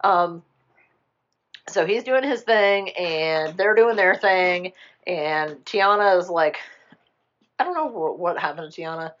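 Woman co-host, lowish voice, rambling animated plot recap, muffled lo-fi recording. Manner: rambling, animated retelling with quick put-on character voices and swearing. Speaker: podcast co-host retelling a film. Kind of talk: casual chat.

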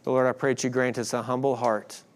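A man's voice: medium pitch, little pitch movement, fast talker. A man pastor reading scripture aloud with emphasis in a sermon, closing in prayer.

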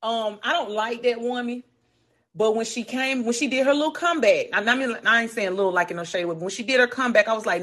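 Animated woman gossiping. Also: fairly high pitch, quick pace. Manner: animated storytelling, acting out quotes, heavy profanity. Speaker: podcast co-host. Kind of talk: casual gossip chat.

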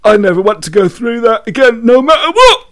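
A man's voice: extremely high pitch, sing-song, fairly quick, a bit bright, pitched above the performer's own voice, exaggerated voice. A rattled male police officer looks back on a night that nearly killed him, as a podcast co-host puts him on with a put-on accent. The voice sits well above a man's usual range and stays earnest and haunted. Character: shaken adult male police officer recalling an attack. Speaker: co-host acting out a quote.

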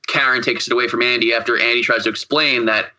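A man's voice: mid-range voice, fairly even intonation, fast, sharp tone, poor audio. A man co-hosting a podcast, recapping a film in casual chat, rambling, profane and full of fillers. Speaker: podcast co-host.

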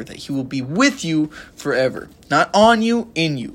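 A man's voice: fairly high pitch, big pitch swings, moderate pace, hardly any pauses, fairly bright tone. A man teaching the Bible on a podcast in an informal, earnest and emphatic way, with a chatty delivery full of fillers.

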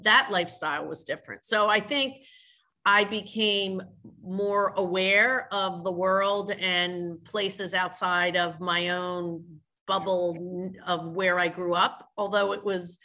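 A woman's voice: on the low side, fairly even intonation, slow, sharp tone. A woman being interviewed on a podcast, talking earnestly and reflectively, often restarting her sentences. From family from France. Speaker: podcast guest, business leader. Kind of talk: casual interview talk.

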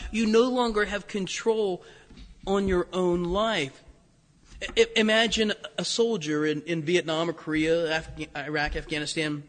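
Man preacher, high bright voice, animated storyteller, long hall echo. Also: measured pace. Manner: animated storytelling with laughs and acted-out quotes. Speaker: pastor. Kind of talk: sermon.

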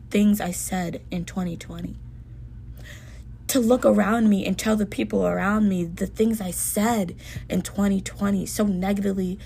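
An earnest young woman talks through a heartfelt podcast monologue, her voice roughened by a gravelly fry. She sounds emotional and sincere, and a faint hiss of noise sits behind her. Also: medium pitch. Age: young adult. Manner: earnest, heartfelt self-talk with soft dips. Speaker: podcast host.

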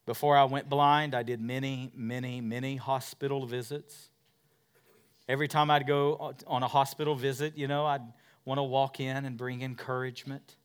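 At a moderate pace and with fairly even intonation, a middle-aged male pastor with a clean, medium-pitched voice preaches. Loud, forceful sections give way to soft, quiet stories, and he jokes at his own expense.

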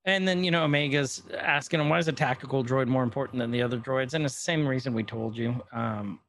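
A man's voice: mid-range voice, fast, fairly bright tone. A man co-hosting a podcast, casually recapping an episode and joking around. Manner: joking, playful retelling with quoted voices. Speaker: podcast co-host.

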